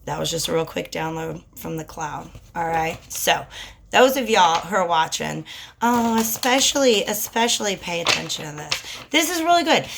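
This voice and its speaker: A woman giving a casual tarot reading in a chatty, slangy, animated way. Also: fairly low pitch, normal speed, vocal fry, slight background noise. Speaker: tarot reader.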